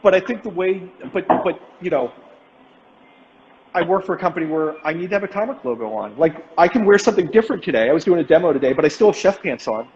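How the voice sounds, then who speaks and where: A man's voice: a little high, expressive, fast talker, a little mellow, in a large hall, highs cut off, slight background noise. A man hosting a casual chat over a video call, rambling with many fillers and restarts. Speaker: host.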